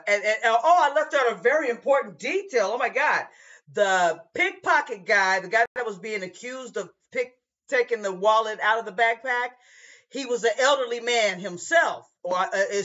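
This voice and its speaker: A woman's voice: medium pitch, a bit bright, muffled recording. A woman who drives a bus, telling a casual story with many restarts and asides. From Portland, Oregon, US.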